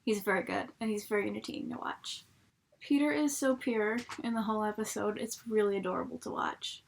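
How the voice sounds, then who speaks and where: A woman's voice: medium pitch, fairly even intonation, brisk, creaky. A young woman reviewing a TV episode from home at her laptop, chatty and rambling, swearing freely. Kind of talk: casual spoken review.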